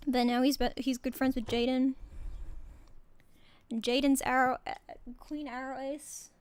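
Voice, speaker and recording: Australian woman, young adult, high voice, clear tone, casual game-stream chatter, giggly, rambling. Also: fairly even intonation, slow, long pauses. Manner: rambling, giggly, self-interrupting. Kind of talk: casual gaming stream chat.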